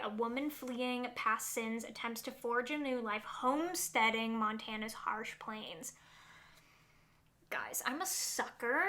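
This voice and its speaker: A young woman chatting casually in a book vlog, gushing and excitable, full of "like" and "oh my God". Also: a little high. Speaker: book vlogger.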